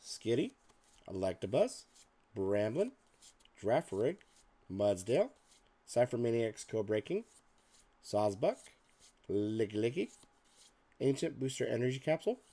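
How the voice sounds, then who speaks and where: Male host, slow and gravelly, rattling off card names with offhand asides, a bit hoarse. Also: mid-range voice, sing-song, dark tone. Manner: reads off card names in a list, muttering asides. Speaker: card-opening video host. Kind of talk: casual pack-opening commentary.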